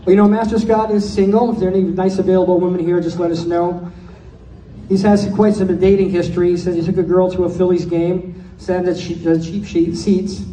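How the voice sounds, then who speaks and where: A man's voice: sits high, level tone, quick pace, warm tone, a little hiss or hum. A man giving a joke-filled roast speech at a birthday party, firing off one-liner punchlines. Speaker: speaker giving a birthday toast. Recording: echoey hall, mic from far off.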